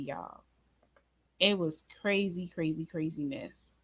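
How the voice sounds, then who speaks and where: A woman hosting a casual recap of a drama episode, speaking to viewers in an informal, expressive way and acting out her own reactions. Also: lowish voice, a little slow, dry recording. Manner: animated, talks to viewers as "y'all" and "baby"; acts out her own reactions in quoted asides. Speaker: reaction channel host.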